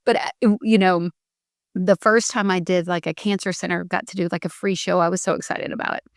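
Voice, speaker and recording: A woman comedian telling stories in a relaxed podcast conversation, earnest and chatty. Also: on the low side, fairly quick, no room sound, studio quality. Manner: storytelling, earnest. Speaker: comedian guest. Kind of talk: casual podcast chat.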